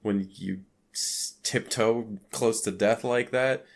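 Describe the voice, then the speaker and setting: Low-voiced man recapping a movie casually. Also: fairly even intonation, slow, creaky. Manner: loose, filler-heavy retelling with acted-out quotes. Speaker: podcast co-host.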